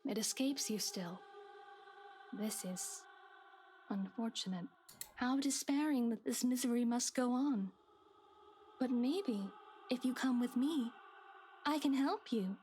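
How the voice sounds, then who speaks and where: Guy doing a creepy ghost lady, soft and slow, higher pitched, echoey hall sound. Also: a little hiss or hum. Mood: eerie soft. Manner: soft, sinister, beckoning. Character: eerie ghostly woman posing as a maid.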